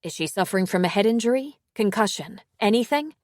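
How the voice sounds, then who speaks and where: A woman doing a steady emergency dispatcher. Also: medium pitch, a little fast, no echo, studio quality, voice pushed up, close to an everyday voice. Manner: steady, methodical questioning. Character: calm female emergency dispatcher.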